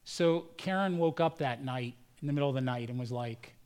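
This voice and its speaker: A man's voice: medium pitch, fast, hardly any pauses, darkish tone. A man preaching a sermon as pastor, telling personal stories and acting out the voices of the people in them. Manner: storytelling, acts out quoted voices. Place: church.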